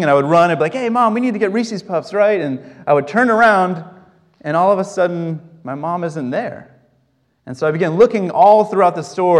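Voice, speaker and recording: Man, young pastor, conversational sermon, slightly high voice, church reverb. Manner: conversational storytelling, asks the congregation questions.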